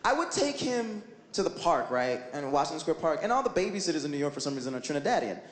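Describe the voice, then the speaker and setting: Brief: male stand-up, high and lively, echoey live venue, loud ambience. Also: fast talker, a crowd in the background. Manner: animated, swooping into high-pitched exclamations. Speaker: stand-up comedian. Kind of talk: stand-up comedy set. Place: comedy stage before live audience.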